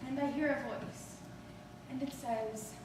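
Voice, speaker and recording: A woman's voice: on the high side, steady tone, takes it slowly, a little mellow. A woman performing a theatrical monologue as a restless, emotional woman, telling her story in a charged, confessional way. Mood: distraught. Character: restless, ungrateful woman stranded waiting, emotional. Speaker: stage actor performing a monologue. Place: theater stage. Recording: distant echoey hall recording with background noise.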